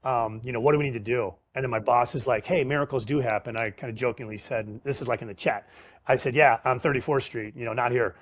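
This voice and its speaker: A middle-aged man, a sales professional appearing as a guest, tells stories casually in an interview, acting out the dialogue with slang and lively energy. His voice sits at medium pitch and moves quickly, captured in a dry, studio-quality recording.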